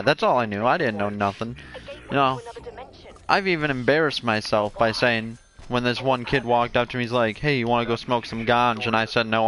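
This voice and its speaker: A man casually telling a rambling personal story in a laid-back, animated way. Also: mid-range voice, slight background noise.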